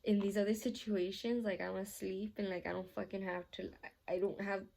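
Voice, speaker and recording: A woman's voice: medium pitch, fairly quick, creaky. A young woman vlogger telling a story in a casual Q&A, rambling and swearing often, with lots of filler words. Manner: animated, laughing while telling the story.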